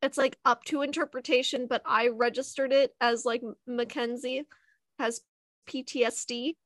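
A woman's voice: high voice, fairly even intonation, normal speed, fairly bright tone, no echo, studio quality. A woman in casual chat with fellow tabletop game players, rambling with fillers and easy swearing.

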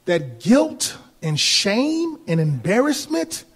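A male pastor preaching a sermon, building from quiet talk to shouted appeals with laughter in between. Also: high voice, huge pitch swings, takes it slowly, husky. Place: church.

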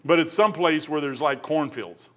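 A man's voice: a little high, normal speed, a bit bright. Folksy rambling preacher man. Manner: folksy, rambling, wanders off topic into anecdotes. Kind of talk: casual sermon.

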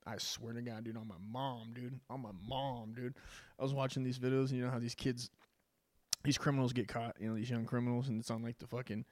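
A man in a crude, rambling solo rant, dropping "dude" again and again as he goes. His voice sits at an ordinary middle pitch for a man. The recording is dry and close, with no room sound. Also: flat delivery, fairly quick, darkish tone, dry recording. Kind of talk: rambling profane monologue.

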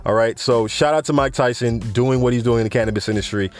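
A man hosting a podcast, talking in a loose, conversational way with plenty of fillers and shout-outs. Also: medium pitch, quick pace. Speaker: podcast host. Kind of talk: casual solo podcast talk.

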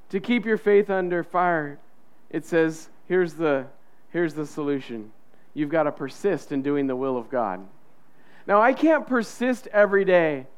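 A man's voice: sits high, clear, resonant tone. A man preaching a sermon as pastor, in a conversational way, acting out the inner voices of the people he describes.

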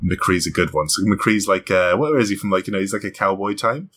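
A man hosting a casual chat, animated and quick to laugh. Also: low voice. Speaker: podcast host.

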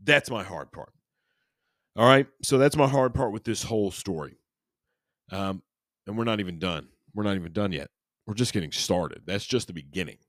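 Low-voiced man rambling on a podcast. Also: expressive, moderate pace, fairly bright tone, dry recording, studio quality. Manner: rambling and jokey, with many restarts and crude asides. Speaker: podcast host. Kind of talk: casual chat and reading aloud.

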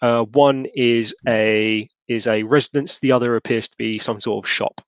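A man runs a tabletop horror game, rambling through his narration with plenty of fillers and restarts. His voice sits at a middle pitch. The recording is dry and a little dull. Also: steady tone, moderate pace, dry recording. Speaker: game master.

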